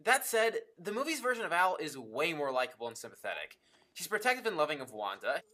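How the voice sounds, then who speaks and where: Guy doing a movie review, bright voice, bounces all over the place, swears a lot. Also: on the high side, big pitch swings. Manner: enthusiastic, swears freely, quick jokey asides. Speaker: film reviewer. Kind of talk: casual video review.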